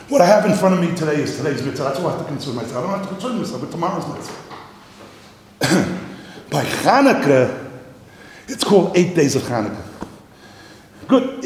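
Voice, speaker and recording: A man giving a Talmudic lecture, animated and repetitive, mixing in Yiddish and Hebrew terms, coughing now and then. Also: a little high. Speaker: Torah teacher. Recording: echoey hall, faint noise.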